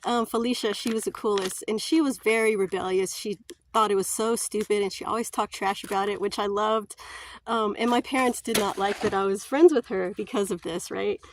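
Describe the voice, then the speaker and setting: A woman's voice: medium pitch, steady tone, fairly quick, a little hiss or hum. A chatty woman, telling stories in a casual vlog and laughing often. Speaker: vlogger.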